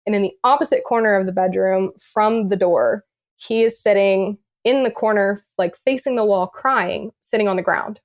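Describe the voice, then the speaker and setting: A young woman recounting her own story as a podcast guest, in a mid-pitched, everyday voice. She rambles and stacks up "like"s, and she slips into the voices of the people she quotes. Her talk is loose and conversational. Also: moderate pace. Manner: rambling, many "like"s, acts out quotes. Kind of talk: casual storytelling.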